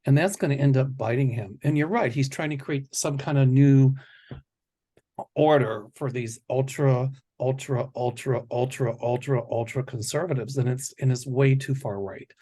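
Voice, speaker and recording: A man's voice: mid-range voice, normal speed, mellow, husky. Rambling confident male psychic host. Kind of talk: casual predictions chat.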